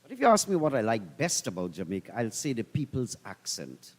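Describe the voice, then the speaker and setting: A man with a low voice calls the cricket in an easygoing, chatty manner. A long reverb trails behind his commentary. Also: wildly swooping pitch, a little fast. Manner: easygoing, conversational analysis.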